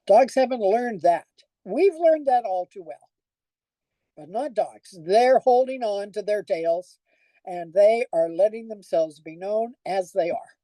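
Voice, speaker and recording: A woman's voice: mid-range voice, animated, slow, dark tone, no room sound, poor audio. An older woman pastor giving a conversational sermon, telling stories and asking the congregation questions.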